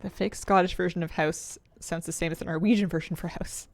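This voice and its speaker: A woman game streamer with a fairly low pitch and steady tone talks briskly as she plays. It's casual gameplay commentary, full of thinking aloud and frequent laughter.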